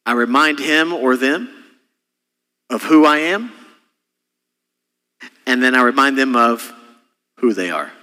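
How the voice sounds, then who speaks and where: A middle-aged man preaching a sermon as senior pastor, impassioned, with sudden soft drops. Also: medium pitch, expressive, takes it slowly, pauses often, in a large hall.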